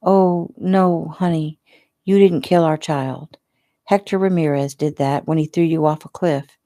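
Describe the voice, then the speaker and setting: A woman reading as a gentle young man, tender and anxious for the one he loves. He speaks softly in a low, mellow voice with a gravelly edge, close and dry. A storybook voice. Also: steady tone, unhurried, dry recording.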